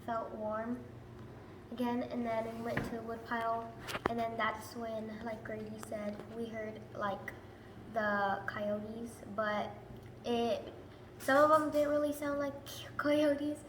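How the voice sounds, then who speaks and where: A woman giving a hesitant personal testimony, halting with many fillers as she recounts what happened. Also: on the high side, level tone. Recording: roomy echo with faint noise.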